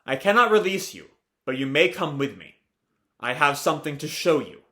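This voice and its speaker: A man reading a calm formal male scholar. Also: a little high, moderate pace. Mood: composed.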